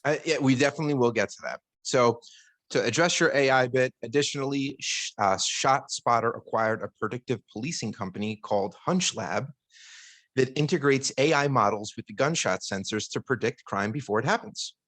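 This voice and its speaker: A man co-hosting a casual podcast. He reads prepared points at an even, middling pitch and drifts into loose chat between them. The sound is dry and close to the mic. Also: brisk, no room sound. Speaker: podcast co-host.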